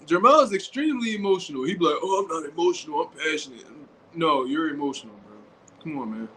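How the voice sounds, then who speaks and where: A man riffing through casual commentary in quick slang and animated bursts. His voice sits high and bright. It rings in an echoey room with a faint hiss behind it. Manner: animated, slangy, acts out quotes. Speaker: boxing show host.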